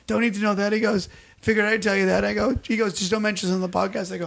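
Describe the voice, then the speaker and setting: Guy w a high gravelly voice rambling thru a dumb story on a podcast, keeps repeating himself. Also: little pitch movement, rapid-fire, background noise. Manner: rambling, repeats phrases, acts out quotes. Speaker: podcast co-host. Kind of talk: comedic storytelling chat.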